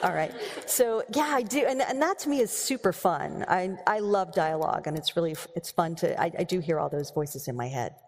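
A woman's voice: fairly low pitch, a little fast, few pauses. Chatty American woman in a reverberant hall. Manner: chatty, laughing, rambling with restarts. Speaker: novelist giving a keynote Q&A. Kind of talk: live audience Q&A. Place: large hall with audience.

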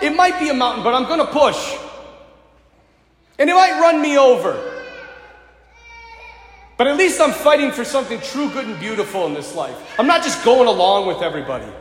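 A man preaching a sermon, telling stories in an animated way and calling the listeners to act. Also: high-pitched. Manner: animated storytelling, laughs and yells in the telling. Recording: echoey church hall, faint ambience.

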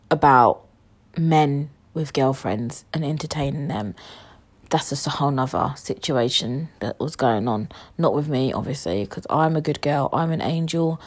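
A woman's voice: deep voice, a little mellow. A young woman, hosting a casual story-time podcast, brash and jokey, swearing freely and rambling through her rants. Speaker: podcast host.

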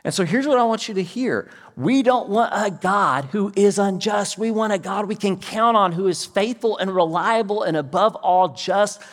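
A man's voice: high voice, moderate pace, hardly any pauses, big-room sound. A middle-aged man from the United States preaching a sermon, telling stories and acting out quotes as he goes. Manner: storytelling preacher, animated with acted-out quotes. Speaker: pastor.

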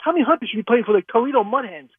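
A frustrated man calls in to sports radio and rants at high speed in a high, husky voice. He comes through a tinny phone line. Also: lively intonation, racing, dry recording. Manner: frustrated, ranting. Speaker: caller. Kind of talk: call-in rant.

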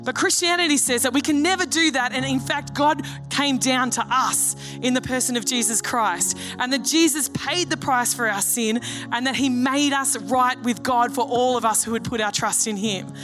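A woman's voice: high voice, normal speed, few pauses, music in the background. A woman pastor preaching a sermon in an earnest, storytelling way. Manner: earnest, storytelling, acts out dialogue.

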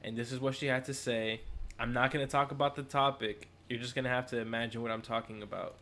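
A relaxed young man co-hosting a podcast in a mid-pitched, easygoing voice. His talk is slangy and loose, and he laughs easily. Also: quick pace, a little hiss or hum. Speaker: podcast co-host. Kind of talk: casual podcast chat.

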